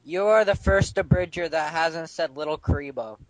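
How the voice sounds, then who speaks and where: Male co-interviewer; quick jokey interjections, slightly high pitch, dry close mic. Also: dry recording, rough recording. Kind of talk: casual interview.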